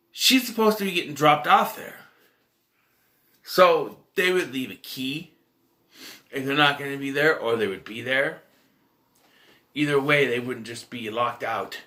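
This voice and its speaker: Male movie reviewer, casual and rambling, bright voice, lively pitch. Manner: rambling, animated, lots of restarts and filler.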